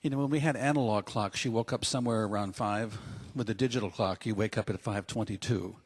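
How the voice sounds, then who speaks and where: A man's voice: on the low side, brisk, slightly rough. A man preaching a sermon as pastor, telling humorous stories with acted asides.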